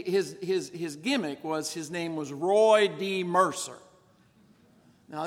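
A man with a fairly high voice preaches a sermon in a church. He presses hard with earnest rhetorical questions. His words ring out with a long hall echo behind them. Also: fairly bright tone. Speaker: pastor. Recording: reverberant church sanctuary.

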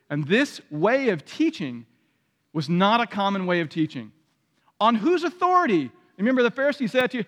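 A man preaching a sermon as pastor, emphatic and repeating his key phrases, often climbing to loud peaks. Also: high voice, very animated, moderate pace. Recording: long hall reverb.

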